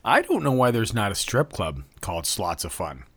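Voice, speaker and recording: A man's voice: lowish voice, sing-song, moderate pace, fairly bright tone, husky, no echo. A man hosting a podcast, introducing calls and reacting with profane, laughing remarks. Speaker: podcast host. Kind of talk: casual chat.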